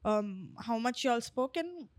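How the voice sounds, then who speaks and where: High-voiced young woman running the game. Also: lively intonation, slow pace. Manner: bossy game-runner, teasing. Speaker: podcast co-host running the game rounds. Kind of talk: casual chat.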